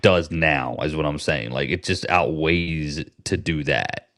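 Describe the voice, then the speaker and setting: An American HVAC business owner co-hosts a casual podcast chat, speaking bluntly as a tradesman with plenty of slang and swearing. His bass voice moves at a measured pace with a fairly bright tone, captured in a dry, clean studio recording.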